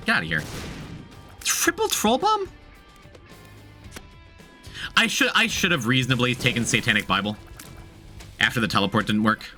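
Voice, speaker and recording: A man narrates his gameplay in a bright, lively voice that rises and falls a lot. He thinks aloud, repeats phrases and talks to his chat. Faint game music plays behind him. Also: mid-range voice. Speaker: streamer. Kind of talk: casual gameplay commentary.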